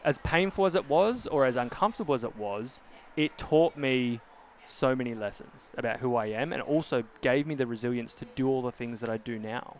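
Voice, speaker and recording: Ein Mann moderiert einen lockeren Podcast, ernsthaft und nachdenklich, mit vielen Füllwörtern und Neuansätzen. Seine Stimme liegt in mittlerer Höhe, und hinten ist ein leises Raumrauschen zu hören. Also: male voice, mid-range voice, brisk, a little hiss or hum. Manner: earnest, many fillers and restarts, reflective. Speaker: podcast host. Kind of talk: casual conversational interview.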